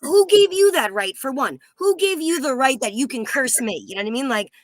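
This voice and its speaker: A woman's voice: sits high, animated, a little fast, dry recording. Emphatic New Jersey woman. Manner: heated, emphatic, sarcastic. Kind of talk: casual chat.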